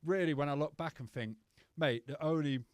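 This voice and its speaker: A man's voice: on the high side, normal speed, darkish tone, smooth, no echo, clean studio sound. Blunt sweary British guy. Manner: blunt, heavy swearing, rambling. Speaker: DJ guest. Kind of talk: casual podcast chat.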